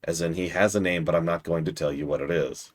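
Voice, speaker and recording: A man's voice: low voice, fairly even intonation, fast talker, soft background music, pitched below the performer's own voice. A man reading a haughty, menacing villain. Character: arrogant male villain servant of a nameless master. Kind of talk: reading game dialogue aloud in character.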